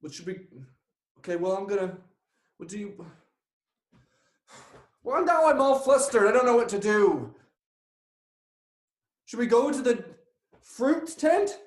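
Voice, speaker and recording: A woman's voice: lowish voice, little pitch movement, moderate pace, long pauses, mellow, close to an everyday voice. Woman doing a flustered clipboard announcer, prickly, echoey room. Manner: confused and prickly. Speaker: improv performer. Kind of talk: live improv comedy. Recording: echoey room over a video call.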